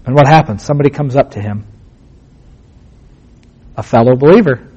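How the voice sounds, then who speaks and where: A man's voice: medium pitch, moderate pace, a little mellow, slightly rough, lo-fi sound. A man teaching a Bible passage in a casual sermon, asking rhetorical questions and repeating points for emphasis in plain, conversational words.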